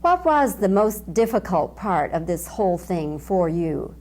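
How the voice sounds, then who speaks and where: A woman's voice: very animated, measured pace, darkish tone. Eager woman interviewer. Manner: eager, questions rise high in pitch. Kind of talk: press junket interview.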